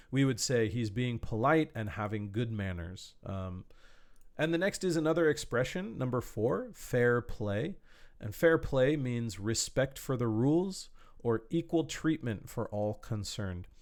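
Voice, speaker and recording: A man with a mid-range, expressive voice and a slightly slow pace teaches an English lesson online. Speaking to a camera in a warm indoor room, he patiently explains words using simple examples.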